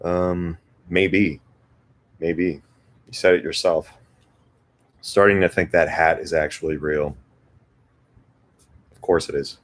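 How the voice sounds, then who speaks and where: Young male streamer, deep and easygoing, casual banter with viewers. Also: steady tone, takes it slowly, long pauses. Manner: laid-back, joking, chuckles often. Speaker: livestream host and guitarist. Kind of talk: casual livestream chat reading comments.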